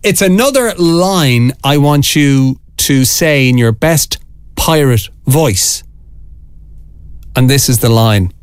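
An upbeat man presenting a radio show in an energetic, sing-song announcing voice. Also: mid-range voice, slow pace, smooth, dry recording. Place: radio studio. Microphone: studio mic.

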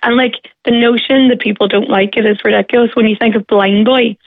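A woman's voice: a little high, steady tone, fairly quick, no room sound. A woman from Derry with a Derry accent, calling into a radio show and speaking forthrightly and with passion. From Derry, Northern Ireland. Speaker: radio caller. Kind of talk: radio phone-in discussion. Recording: tinny phone line.

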